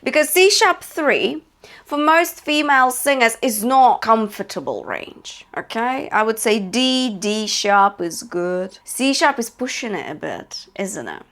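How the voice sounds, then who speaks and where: Slow-talking woman vocal coach. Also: on the high side, big pitch swings, fairly bright tone. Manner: encouraging, demonstrates sung phrases between explanations. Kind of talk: singing lesson.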